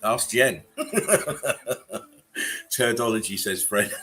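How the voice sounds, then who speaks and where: A man hosting a casual livestream chat, relaxed and rambling as he greets viewers and laughs between remarks. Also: fairly low pitch, normal speed. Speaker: livestream host.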